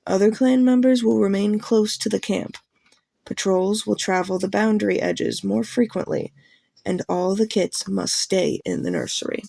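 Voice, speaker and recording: A woman's voice: medium pitch, normal speed, creaky. A woman voicing a grave, commanding she-cat clan leader who speaks steadily and formally to her clan in an audiobook reading. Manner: steady, formal addressing a gathering. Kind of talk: audiobook character voice.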